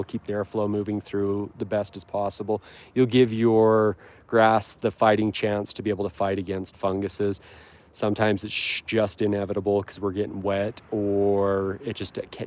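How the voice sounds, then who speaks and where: A man's voice: fairly low pitch, darkish tone. A man hosting a casual lawn care live stream, rambling and upbeat with frequent ums and restarts, outdoors on his lawn. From Utah. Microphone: handheld phone camera.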